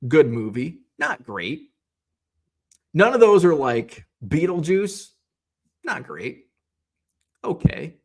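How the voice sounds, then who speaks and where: A middle-aged man from the United States hosts a casual live-stream chat, reading out viewer comments. His talk wanders from topic to topic with restarts and self-corrections, at a mid-range pitch typical for a man. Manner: rambling, chatty, tangents and self-corrections.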